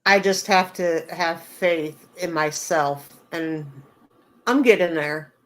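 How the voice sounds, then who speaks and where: A woman guest on a live faith stream, speaking in a halting, hesitant way with many fillers. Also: lowish voice. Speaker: guest sharing her testimony. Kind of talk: casual heartfelt live chat.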